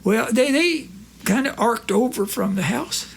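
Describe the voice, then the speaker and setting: A man doing a gravelly, rambling old rancher. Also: extremely high pitch, expressive, unhurried, slight background noise, voice pushed up, exaggerated voice. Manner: hesitant, repeats words, drawling.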